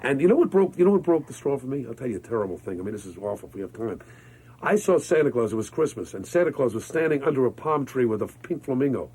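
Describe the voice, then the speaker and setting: A man, telling lively stories as a guest in an interview. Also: medium pitch, quick pace, slightly rough, low-quality recording. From Brooklyn, New York. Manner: energetic, exuberant storyteller. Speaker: radio disc jockey, guest. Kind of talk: interview conversation.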